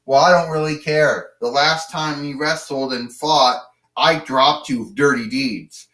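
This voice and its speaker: A man's voice: on the high side, measured pace, fairly bright tone. A man playing a brash pro wrestler who rambles through mocking trash talk. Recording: roomy, distant from the mic.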